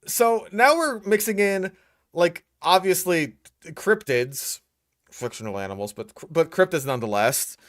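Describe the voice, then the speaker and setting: A man's voice: high voice, animated, measured pace, fairly bright tone, dry recording, clean studio sound. A young man hosting a reaction commentary, exasperated and profane, picking apart what he hears. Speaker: host reacting to a video.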